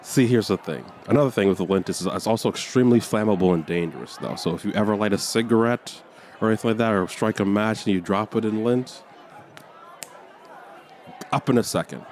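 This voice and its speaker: A man's voice: on the low side, fairly quick, a little mellow. A man doing a rambling, mock-somber stand-up set, sighing between lines. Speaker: stand-up comedian. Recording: faint crowd and street noise.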